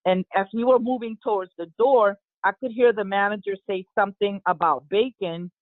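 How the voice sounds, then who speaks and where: A woman, an eyewitness, recounting an incident in an interview, halting with many fillers and restarts. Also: mid-range voice, fairly even intonation, no echo. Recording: tinny phone-line audio, dry.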